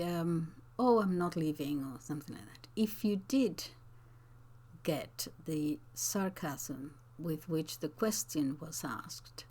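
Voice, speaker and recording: A slow, low-pitched woman talks unscripted to her viewers, answering their comments. She speaks thoughtfully and unhurriedly, pausing often and restarting her phrases as she works through an explanation. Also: warm tone. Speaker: language teacher and channel host.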